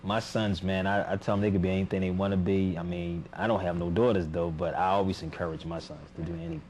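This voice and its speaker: Man guest, very deep voice, loose casual talk, faint hiss. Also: steady tone, quick pace, darkish tone. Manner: casual, loose, repeats words. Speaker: panel guest. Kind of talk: casual panel discussion.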